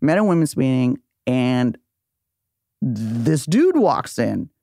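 A woman's voice: extremely low pitch, slow pace, creaky, dry recording. A woman in her forties, a memoir author, telling candid stories with a lot of swearing and acting out quotes in a podcast studio. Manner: profane, animated storytelling, acts out quotes. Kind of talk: candid casual chat.

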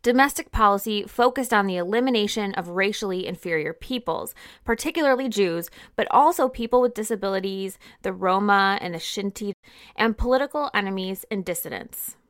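A woman co-hosts a history podcast, reading through her notes and breaking in with casual asides. Her voice sits at a middle pitch and her delivery stays relaxed and conversational. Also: fairly quick, clean tone. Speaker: podcast co-host.

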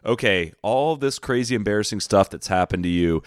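Low-voiced man hosting a chatty podcast. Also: expressive, smooth, no echo, studio quality. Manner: chatty, laughs often, talks in quick bursts. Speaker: podcast host. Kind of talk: casual chat.

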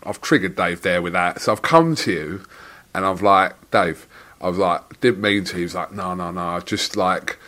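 Low-voiced man telling a story with banter. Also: moderate pace. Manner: lively storytelling, banter, swearing. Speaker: podcast host. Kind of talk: casual chat.

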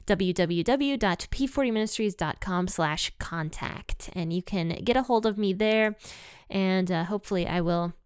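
Smooth-voiced chatty woman podcast host. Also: medium pitch, moderate pace, no room sound. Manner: chatty and upbeat, laughs easily. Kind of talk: casual Bible podcast chat and scripture reading. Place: home.

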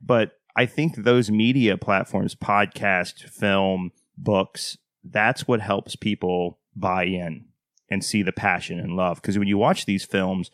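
Earnest low-voiced male co-host. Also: steady tone, slow pace, a bit bright, no room sound, clean studio sound. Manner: enthusiastic, earnest. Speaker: podcast co-host. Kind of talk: interview chat.

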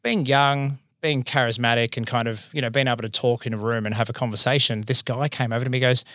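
An Australian man in his thirties, an accountant and business owner, telling his career story in a casual, animated way, acting out the voices he quotes. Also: mid-range voice, quick pace, no echo, clean studio sound.

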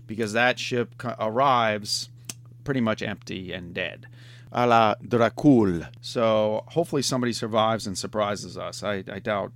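A man's voice: fairly low pitch, a bit bright. A middle-aged man hosting a podcast in casual, rambling chat, often tacking on "man". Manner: rambling, laid-back, says "man" a lot. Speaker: podcast host.

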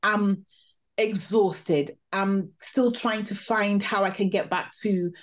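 A woman, a podcast guest, telling a personal story in a lively, animated way. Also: mid-range voice, slow. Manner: animated, vivid storytelling with laughs. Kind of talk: storytelling interview.

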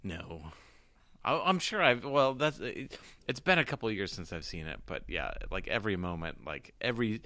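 A man's voice: on the low side, very animated, normal speed, sharp tone, no echo. A man co-hosting a podcast, chatting casually about a favorite movie, rambling and restarting his sentences. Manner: rambling, self-interrupting. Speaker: podcast co-host. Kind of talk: casual chat.

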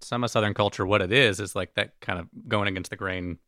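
A male interviewer thinks out loud in a bright, smooth, resonant voice. The recording is very dry and close. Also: lowish voice, steady tone, quick pace, no echo. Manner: thoughtful, rambling with restarts. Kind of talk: interview questions.

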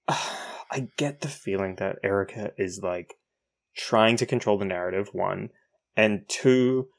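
A man from New Zealand with a New Zealand accent, co-hosting a podcast in blunt, profane casual chat with halting restarts. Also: on the low side, creaky. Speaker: podcast co-host.

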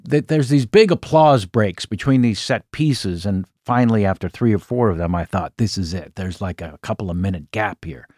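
A man in his sixties, a comedian guest, telling an anecdote in an animated way, with asides and self-corrections. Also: mid-range voice, dry recording, clean studio sound. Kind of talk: anecdotal storytelling in an interview.

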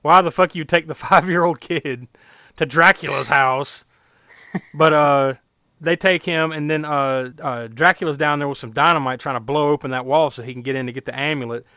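A man's voice: a little high, moderate pace, bright, forceful tone, no echo. A man casually recapping a movie plot, rambling with lots of fillers and frequent laughter. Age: adult who was eight or nine when the film was new.

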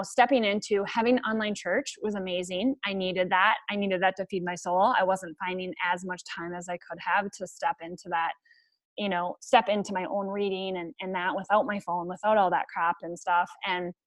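A middle-aged woman hosting a podcast interview, telling stories in an energetic, emphatic way. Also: mid-range voice, no echo. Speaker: podcast host. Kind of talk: casual interview chat.

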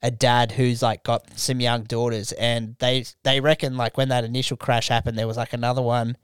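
A man's voice: mid-range voice, little pitch movement, normal speed, clean tone, no echo. A man hosting a podcast, telling a rambling story in casual chat, swearing a lot and acting out quotes. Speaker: podcast host.

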